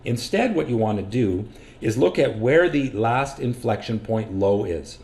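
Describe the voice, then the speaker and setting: A man's voice: lowish voice, lively intonation, measured pace, a little mellow. A man who runs a stock trading education channel, explaining risk and stop losses over a screen recording in a plain, practical teaching manner. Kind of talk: screen-share market lesson.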